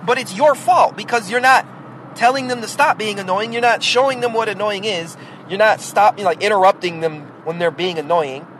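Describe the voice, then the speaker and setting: A high-pitched, slightly bright male voice at normal speed comes through a rough recording with a little hiss or hum. The podcast host, a parent, talks bluntly and at length about raising kids in a casual, opinionated monologue that is rhetorical and speaks to the listener directly.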